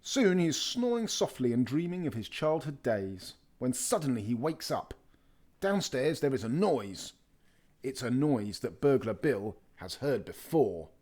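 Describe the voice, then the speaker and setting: A man reading a children's picture book aloud, telling it with real expression. His pitch sits in the middle but moves a great deal, rising and falling through the sentences. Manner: lively expressive storytelling. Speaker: storybook reader.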